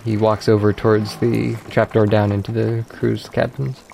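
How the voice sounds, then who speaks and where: Gravelly-voiced man narrating as game master. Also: lowish voice, level tone, a little mellow, slight background noise. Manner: measured, descriptive narration.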